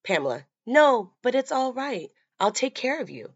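A woman voicing a grieving middle-aged mother turned killer, soft-spoken and quietly menacing, in a dull lo-fi recording. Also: a little high, very animated, normal speed, breathy edge, no echo, voice pushed up, heavily acted. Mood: soothing.

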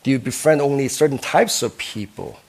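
A man's voice: mid-range voice, fairly quick, vocal fry, darkish tone, slightly rough. A man preaching a sermon as a pastor, earnest, who keeps asking his listeners questions and ending points with "right?".

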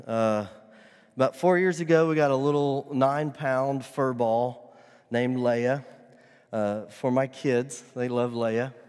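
A middle-aged man preaching a sermon as pastor, earnest and at times loud and emphatic. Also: mid-range voice, fairly even intonation, takes it slowly, smooth. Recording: long hall reverb.

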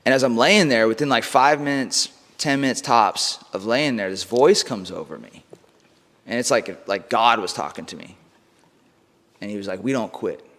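Appearing as a podcast guest, a US mindset coach recounts something personal, full of slang, swearing, "bro" and "like." His voice sits at medium pitch, fairly bright, at normal speed, with long reverb from the room.

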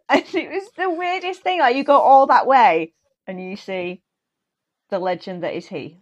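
A woman, a guest telling stories in a lively, animated way over a remote call. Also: on the high side, normal speed. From England. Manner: lively, animated storytelling with laughs. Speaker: guest, actor and football fan. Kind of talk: casual podcast chat over a call.

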